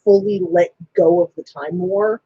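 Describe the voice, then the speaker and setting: A woman co-hosting a casual fan chat, an animated storyteller who acts out the lines she quotes. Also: lowish voice, measured pace, breathy edge, no room sound. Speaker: podcast co-host. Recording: dry, slightly muffled lo-fi audio.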